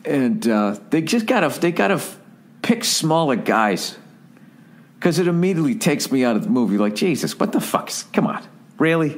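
A man hosting a podcast, ranting in a casual comedic way, profane and quick to mimic voices. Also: on the high side. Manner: profane, animated, mimics voices mid-story. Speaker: podcast host.

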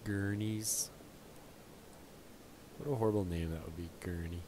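A man's voice: sits low, steady tone, measured pace, noisy background. A man giving casual let's play commentary on a headset, thinking aloud and chatting to the characters on screen. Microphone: gaming headset.

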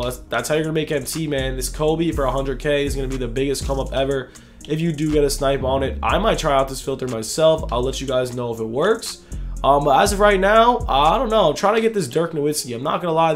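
A young man giving casual, slangy commentary over a video game, thinking aloud as he goes. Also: fairly high pitch. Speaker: gaming YouTuber.

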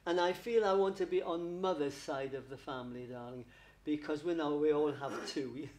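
Giving a platform reading at a spiritualist church service, a male medium is chatty and affectionate, laughing often and calling listeners darling. His voice is slightly high and a little mellow, at a normal speed.

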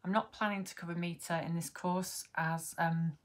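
A woman's voice: fairly low pitch, steady tone, moderate pace. A woman who is a poet, hosting an online poetry workshop for beginners and explaining things in a friendly way, with frequent ums. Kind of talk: online poetry lesson to camera.

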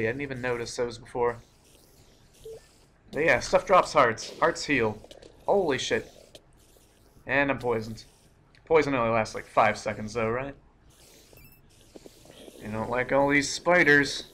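A young man giving live commentary while playing a game, excitable, cursing often and breaking into startled outbursts. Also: medium pitch. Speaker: let's play gamer.

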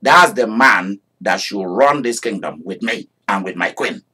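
A grateful king speaks low and hushed, as a man puts him on in the middle of a sermon. His words come slowly and solemnly. The voice has a faint huskiness. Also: expressive, husky, exaggerated voice. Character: grateful male king, regal and warm.

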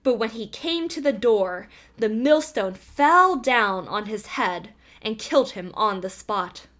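A woman reading a fairy tale aloud as an audiobook narrator, in an expressive storytelling voice. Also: fairly high pitch, slow.

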